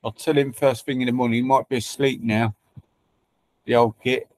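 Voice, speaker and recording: A man's voice: medium pitch, fairly even intonation, moderate pace. A man hosting a livestream, chatting casually and teasing viewers with banter and swearing. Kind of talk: casual chat.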